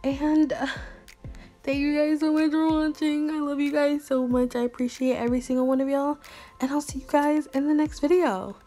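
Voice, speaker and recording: A woman's voice: high-pitched, flat delivery, moderate pace, mellow, faint music behind. A woman vlogging casually, replying to fan messages in a playful, slangy, upbeat way and talking straight to her viewers. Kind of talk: casual chatty vlog.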